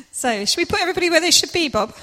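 A woman narrating a live church play and directing the cast as she goes. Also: very high-pitched. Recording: echoey hall with faint noise.

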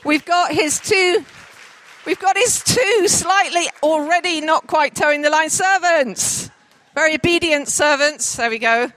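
A woman telling a story to a group, directing volunteers as they act it out, with lively, jokey asides. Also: sits high, a little slow. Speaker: children's storyteller.

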